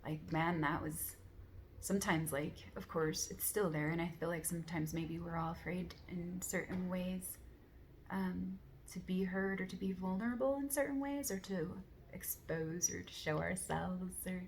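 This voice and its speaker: Woman, low voice, gravelly fry, soft rambling monologue, earnest, lots of fillers. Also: moderate pace, slight background noise. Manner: soft, rambling, many "like" fillers, gentle laughs; earnest, affirming. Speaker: spiritual vlogger. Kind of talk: casual reflective monologue.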